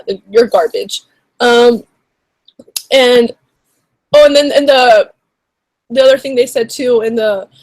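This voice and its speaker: A woman's voice: fairly high pitch, darkish tone, dry recording. A woman YouTuber giving casual commentary, indignant and rambling, with many fillers. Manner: indignant, rambling, heavy on "like" and "you know".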